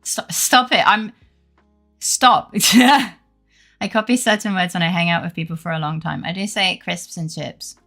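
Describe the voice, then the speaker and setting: A young woman streamer talks in a loose, rambling way, swearing freely as she answers her chat. Her voice is bright with a gravelly fry, and faint game music plays under her words. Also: lowish voice, normal speed. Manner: rambling, chatty, swears freely, laughs often. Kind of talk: casual live-stream chat.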